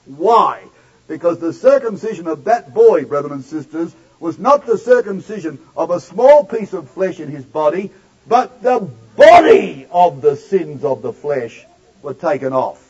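Male preacher, sermon, emphatic, lively pitch, husky, dull lo-fi recording. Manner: emphatic, addresses congregation directly, slows to stress words.

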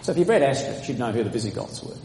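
A man's voice: medium pitch, very animated, very fast, vocal fry, slight background noise. Dramatic preacher man in an echoey hall. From outside the United States. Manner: emphatic, dramatic preaching with sudden loud and quiet turns. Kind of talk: sermon.

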